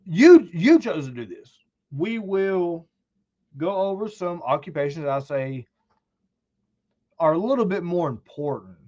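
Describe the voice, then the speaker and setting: A man's voice: on the high side, lo-fi sound. A man hosting his channel, ranting bluntly and heatedly about sports, swearing and rambling. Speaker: channel host.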